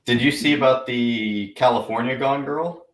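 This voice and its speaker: A man's voice: mid-range voice, moderate pace. A man chatting casually on a podcast, laid-back, putting questions to his guests. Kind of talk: casual chat. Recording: roomy echo.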